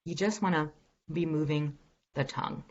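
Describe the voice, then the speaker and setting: A woman's voice: deep voice, normal speed, muffled recording. A woman voice coach answering questions in an online workshop, upbeat and encouraging as she demonstrates exercises. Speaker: executive voice coach. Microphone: video call.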